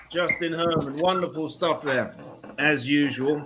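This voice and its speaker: A man's voice: mid-range voice, expressive, fairly quick, heavy background noise. An English man hosting an open mic comedy show, with profane, self-mocking stand-up banter. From England.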